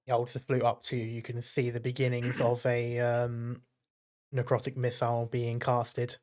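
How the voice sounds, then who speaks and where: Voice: medium pitch, monotone, moderate pace, darkish tone. A game master narrating a tabletop game, describing the action with frequent hesitations.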